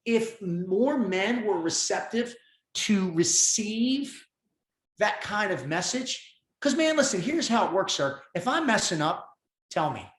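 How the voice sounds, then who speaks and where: A man's voice: sits high, big pitch swings, takes it slowly, echoey room. A man in his fifties speaking as a podcast guest, blunt and emphatic, giving tough-love talk in casual conversation. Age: 50s.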